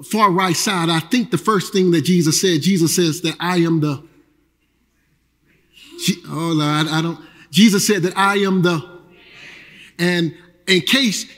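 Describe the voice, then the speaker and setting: A man preaching a sermon as pastor, energetic and earnest, repeating phrases and swinging between loud calls and quiet lows. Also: unhurried, long pauses. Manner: repeats phrases and restarts with a casual preaching rhythm. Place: church sanctuary. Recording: long church hall reverb.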